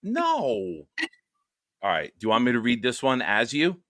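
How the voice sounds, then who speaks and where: A man's voice: mid-range voice, wildly swooping pitch, a little slow, fairly bright tone, dry recording, clean studio sound. A man hosting a casual live stream over a video call, joking around and directing his co-host with crude humor. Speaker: show host.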